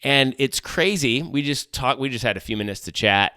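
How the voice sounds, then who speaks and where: Bright chatty middle-aged podcast host. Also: male voice, medium pitch, lively intonation, moderate pace, smooth, no echo, clean studio sound. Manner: chatty, jokey, full of asides and restarts. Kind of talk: solo casual podcast chat.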